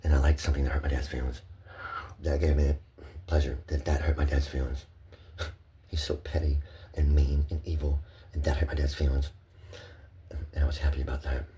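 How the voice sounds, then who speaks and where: A man giving a rambling personal monologue. He is profane, repeats himself, and swings between hushed murmurs and loud, heated outbursts. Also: very deep voice, level tone, normal speed. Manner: profane, repetitive and impassioned.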